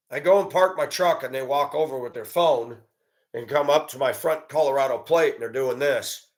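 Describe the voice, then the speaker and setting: A commentator with a voice on the high side speaks fairly quickly in a ranting monologue. He is blunt, profane and indignant as he tells the story of a run-in.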